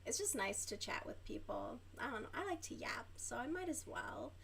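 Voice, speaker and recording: A chatty young woman hosts a relaxed craft livestream, rambling between stories and dropping swear words. Her voice sits a little high. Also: moderate pace, gravelly, a little hiss or hum. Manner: rambling, chatty, swears freely, many fillers. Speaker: livestream host. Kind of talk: casual chat while crocheting on a livestream.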